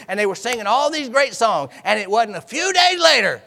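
Male preacher, high bright gravelly voice, dramatic storytelling sermon, long church reverb. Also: lively intonation, moderate pace, hardly any pauses. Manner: dramatic storytelling, acting out voices, call and response.

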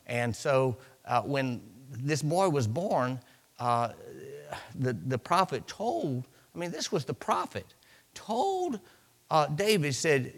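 Man preaching a lively sermon. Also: on the high side, unhurried. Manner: preachy, conversational, with acted-out asides and hallelujahs. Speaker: pastor. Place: church.

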